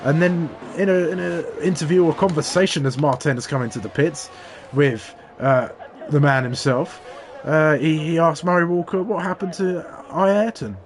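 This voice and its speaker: A man co-commentating a sim race, telling rambling anecdotes with halting restarts. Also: on the high side, fairly even intonation, slight background noise.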